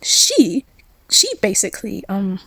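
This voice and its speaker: A woman's voice: medium pitch, big pitch swings, slow, bright, forceful tone, breathy edge, no echo. A young woman casually recapping a story, chatty and rambling, giggling and acting out the characters' lines. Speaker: recap vlogger.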